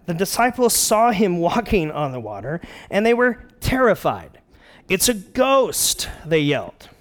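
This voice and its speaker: Casual, joking male pastor preaching. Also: high voice. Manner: casual, joking, retells scripture with playful character voices. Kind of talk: sermon.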